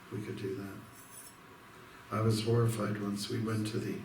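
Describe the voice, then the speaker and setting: A man's voice: on the low side, level tone, unhurried. A man, a monk from Canada, giving an informal devotional evening talk, rambling through stories with many fillers and restarts. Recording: roomy hall, distant mic, faint noise.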